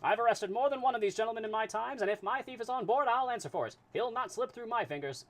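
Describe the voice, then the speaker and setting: A man voicing a nervous, dogmatic male detective in a live reading of a classic novel, speaking high, loud and insistent. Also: lively intonation, quick pace. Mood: eager.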